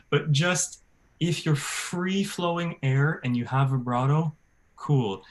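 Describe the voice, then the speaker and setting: A man, a bass-baritone voice teacher, leading an online workshop for choir singers, laughing often and demonstrating sounds. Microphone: video call.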